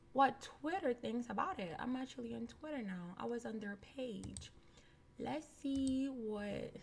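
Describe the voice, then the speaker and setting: A woman's voice: a little high, sharp tone. A woman casually reacting to a game trailer in a chatty vlog, repeating herself and laughing easily.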